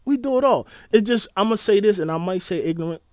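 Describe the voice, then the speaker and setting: A man's voice: sits high, fast talker. A man co-hosting a podcast in casual chat, telling stories and acting out what people said. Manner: animated storyteller, acts out quotes. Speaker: podcast co-host.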